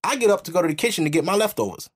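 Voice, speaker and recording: A man from New hosting a podcast, telling a story in animated, profane casual chat. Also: high-pitched, racing. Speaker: podcast host.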